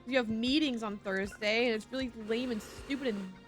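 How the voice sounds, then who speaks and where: Chatty high-voiced woman streamer. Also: faint music behind. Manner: chatty, rambling, quick to apologize. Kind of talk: casual gameplay commentary.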